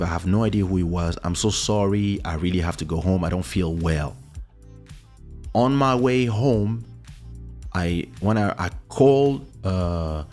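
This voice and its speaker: A man, telling a personal story in a casual, animated way and acting out the voices of the people in it. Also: low-pitched. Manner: animated, acts out quoted voices. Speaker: podcast host telling a story.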